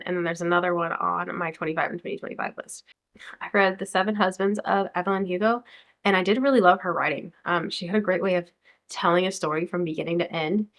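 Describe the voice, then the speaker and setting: Talkative and excited, a young book vlogger from the United States runs through upcoming books in a casual chat, sometimes reading blurbs out loud. Her voice is lowish but has a fairly bright tone.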